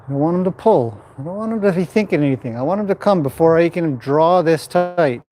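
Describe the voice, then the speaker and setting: Calm man coaching a horse. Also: on the high side, brisk, slight background noise. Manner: calm running commentary mixed with soft praise to the horse. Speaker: horse trainer. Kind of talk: explaining while training a horse.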